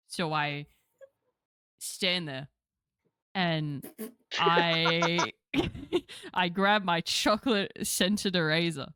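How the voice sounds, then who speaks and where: Woman roleplay player, smooth voice, dry close sound, loose and swearing, laughs a lot. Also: on the low side, slow, long pauses, fairly bright tone, dry recording. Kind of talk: casual in-character roleplay chat.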